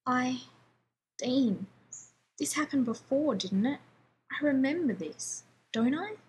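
Sulky little boy, high whiny voice, petulant and scornful; a woman reads him. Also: animated, slow pace, a little mellow, slight background noise, low-quality recording. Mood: shaken.

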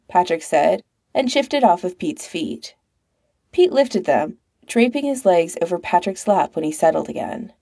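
A woman narrating a story aloud in a wry, expressive manner. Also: lowish voice, normal speed, gravelly, slightly rough. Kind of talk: storybook reading.

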